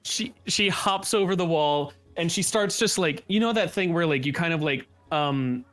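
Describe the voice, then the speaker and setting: A man's voice: a little high, normal speed, fairly bright tone. A man running a tabletop game, narrating casually with lots of fillers. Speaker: game master.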